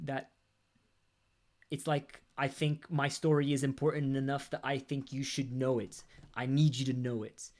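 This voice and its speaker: A young man who fronts a rock band chats on a livestream in a reflective, meandering way. His voice sits in a middle pitch, and he talks through his thoughts at an easy pace with casual fillers. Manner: reflective, rambling, with bursts of sung lines. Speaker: lead singer of a rock band, vlogger.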